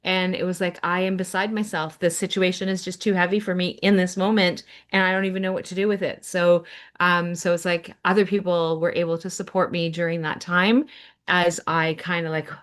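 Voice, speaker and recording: Low flat-voiced woman reflecting aloud. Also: a little fast. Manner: rambling, reflective, many fillers. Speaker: circle participant. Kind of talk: casual group video call sharing.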